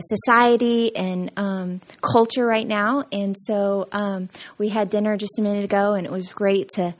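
A woman introduces the evening's speaker in a halting, stop-start way, circling back often before each point. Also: mid-range voice. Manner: hesitant, many fillers and restarts. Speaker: event host introducing a speaker. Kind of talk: casual introduction.

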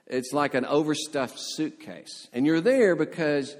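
A man's voice: on the high side, measured pace. Storytelling male preacher in a reverberant hall. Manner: storytelling, animated voices for quotes. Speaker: pastor. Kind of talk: sermon.

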